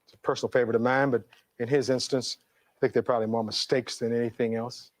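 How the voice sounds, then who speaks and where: A man's voice: medium pitch, little pitch movement, quick pace, no room sound. Oratorical middle-aged male defense attorney. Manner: oratorical, reads testimony aloud, rhetorical questions. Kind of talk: courtroom closing argument.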